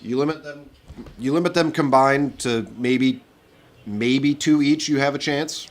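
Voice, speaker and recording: A man giving measured, explanatory hockey analysis during a live watch-along. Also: mid-range voice.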